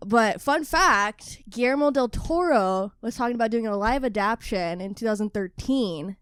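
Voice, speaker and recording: A woman's voice: fairly high pitch, moderate pace, smooth, dry recording, clean studio sound. A young woman co-hosting a podcast, chatting casually and laughing a lot, with a bit of swearing. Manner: laughs often, swearing, animated. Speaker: podcast co-host. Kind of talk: casual chat.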